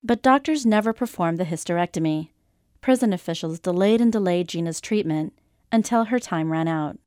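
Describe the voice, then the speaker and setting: A woman narrating a radio documentary in a measured, sober scripted style. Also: fairly low pitch, a little mellow, dry recording, clean studio sound.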